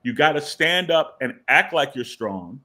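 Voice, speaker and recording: A man voicing a young boy squire who urgently orders the heroine to keep quiet and act strong. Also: on the high side, animated, measured pace, exaggerated voice.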